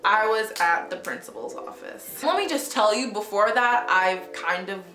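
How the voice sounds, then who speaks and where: A woman's voice: medium pitch, animated, normal speed, pushed and bright. A woman vlogger telling a story in a casual, dramatic way, swearing freely. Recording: echoey room, faint music.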